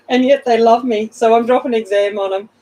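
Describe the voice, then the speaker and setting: A woman's voice: fairly high pitch, dark tone, recorded from a distance, rough recording. A middle-aged woman chatting casually while she colors on a livestream, greeting viewers by name and laughing at herself. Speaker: coloring channel host.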